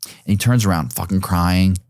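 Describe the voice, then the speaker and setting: A man in his forties talks as a podcast guest in a deep, low register. He rambles through his story with lots of fillers and the odd curse. The sound is close and dry, with no room echo. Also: moderate pace, a little mellow. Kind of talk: casual storytelling.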